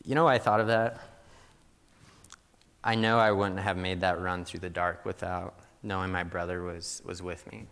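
A man's voice: deep voice, flat delivery, moderate pace, a bit bright, big-room sound. A young adult man from Missouri giving a sermon in a loose, conversational storytelling way, full of "like" fillers. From Missouri, USA. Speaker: pastor.

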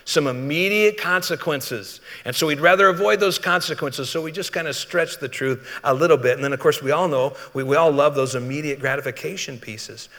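A man's voice: a little high, fairly quick, hardly any pauses, fairly bright tone, in a large hall. A man preaching a sermon as pastor, conversational and often asking the congregation questions.

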